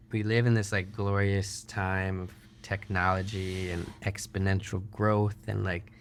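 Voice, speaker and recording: Slow, flat, deep-voiced male host. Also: a little hiss or hum. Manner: casual, many filler words. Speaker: podcast host. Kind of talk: casual interview chat.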